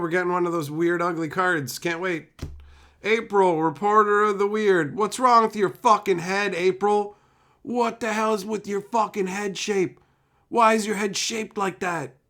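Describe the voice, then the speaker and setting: A man's voice: high voice, fairly bright tone. A man live-streaming as he opens card packs, chatting casually and ranting sarcastically with lots of swearing.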